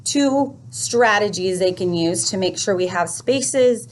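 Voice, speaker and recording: A woman explaining a first grade reading lesson to parents, speaking clearly and patiently, step by step. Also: mid-range voice, slow, slight background noise.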